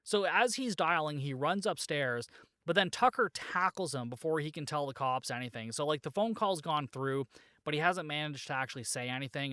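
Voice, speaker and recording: A man's voice: fairly high pitch, fairly bright tone, clear, resonant tone, dry recording, clean studio sound. A man hosting a podcast, casually retelling a movie plot with lots of fillers and joking asides. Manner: rambling, filler-heavy retelling with frequent "like"; jokey, laughs at his own asides. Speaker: podcast host.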